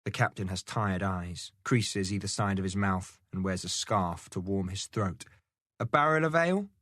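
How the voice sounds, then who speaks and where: A man narrating a novel aloud in a steady, measured storytelling manner. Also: low voice, no echo, clean studio sound. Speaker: audiobook narrator. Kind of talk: scripted narration.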